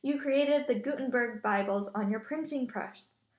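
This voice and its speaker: Brief: woman reader as gushing trivia-loving girl, slight fry. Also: a little high, normal speed, lo-fi sound. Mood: eager. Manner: eager, gushing. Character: bookish girl teammate, enthusiastic. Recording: echoey room.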